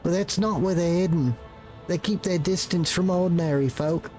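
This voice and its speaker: A frightened young peasant rebel, played by a man, pleading in a rough put-on British accent and spilling words in a desperate rush. The voice sits noticeably higher than a normal speaking voice, with faint music playing underneath. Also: moderate pace, darkish tone, lightly acted. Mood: defiant. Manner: urgent, pleading, breathless storytelling.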